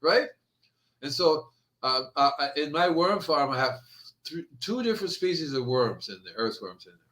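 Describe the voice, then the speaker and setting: A man hosting a gardening show, chatting casually and telling animated stories that he acts out. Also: a little high, normal speed. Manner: animated storyteller, acts out quotes. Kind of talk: casual podcast chat.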